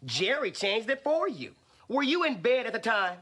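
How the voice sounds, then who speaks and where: A man's voice: very high-pitched, very animated, normal speed, bright, forceful tone. A man acting in a sitcom with a wisecracking, exaggerated delivery, over music and audience laughter. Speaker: sitcom character.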